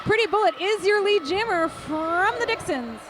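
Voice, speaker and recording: Female derby commentator, playful and chatty, high voice, faint outdoor noise. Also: lively intonation, moderate pace. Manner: chatty and jokey, laughing at her own puns. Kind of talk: live sports commentary.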